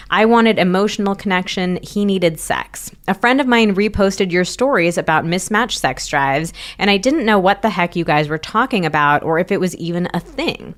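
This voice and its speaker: A woman co-hosting a podcast, chatting casually and reading listener messages aloud in an upbeat way. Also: on the low side. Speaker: podcast co-host.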